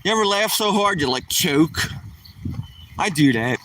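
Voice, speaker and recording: A man's voice: high-pitched, expressive, unhurried, pushed and bright, slight background noise. A middle-aged man rambling and joking casually on a live stream, somewhat far from the mic.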